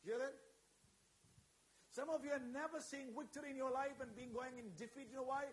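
A man's voice: very high-pitched, fairly even intonation, brisk. A man preaching a sermon to a congregation, fervent and frequently calling out amen and hallelujah while asking the listeners questions.

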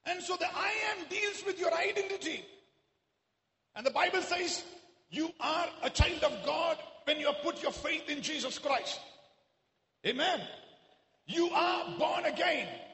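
A man preaching a sermon to a congregation in a church, at times raising his voice to a shout. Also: extremely high pitch, moderate pace. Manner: rises to shouting exclamations. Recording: echoey hall.

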